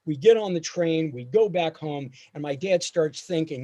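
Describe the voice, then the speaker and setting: A man's voice: normal speed, hardly any pauses. A man doing a storytelling stand-up set over a video call, acting out his father's lines. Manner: animated, acts out his father's lines in a higher voice. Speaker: stand-up comedian.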